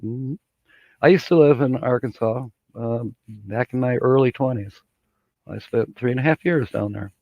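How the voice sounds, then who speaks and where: A man's voice: medium pitch, moderate pace, gravelly, no echo. Folksy middle-aged man chatting on a live stream. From Michigan. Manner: chatty, folksy, chuckles often. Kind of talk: casual live-stream chat. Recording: dull, dry lo-fi audio.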